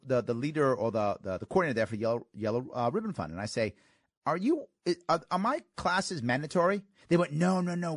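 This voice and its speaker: Animated man with a lively, swinging voice. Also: a little high, no echo, clean studio sound. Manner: animated, giggles, quick asides and restarts. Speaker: podcast host. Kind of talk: casual solo talk answering listener questions.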